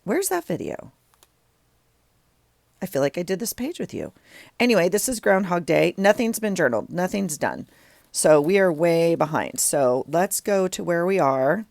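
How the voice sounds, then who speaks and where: A woman's voice: on the low side, very animated, moderate pace, vocal fry, a little mellow, no room sound. A middle-aged woman chatting casually while she works in her journal, rambling with self-deprecating asides. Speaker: journaling vlogger. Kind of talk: casual chat while crafting.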